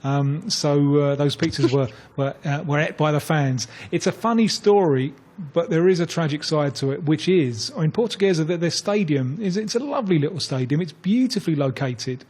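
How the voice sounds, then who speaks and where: A male football pundit with a slightly raised pitch and a husky, breathy edge to his voice. He tells his story hesitantly, stumbling and repeating words as he goes. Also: normal speed, darkish tone. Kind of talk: radio phone-in chat.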